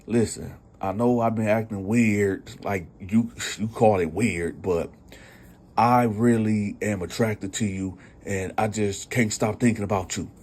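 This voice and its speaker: A man voicing a pushy, creepy grown man who keeps wheedling and insisting, in a mellow, husky voice. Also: lowish voice, fairly even intonation, unhurried, pitched below the performer's own voice. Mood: pleading.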